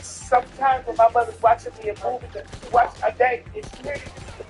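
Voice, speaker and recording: A man's voice: very high voice, very animated, a little fast, gravelly, faint music behind. A tipsy man telling a personal story in a casual way, emphatic, repetitive and profane.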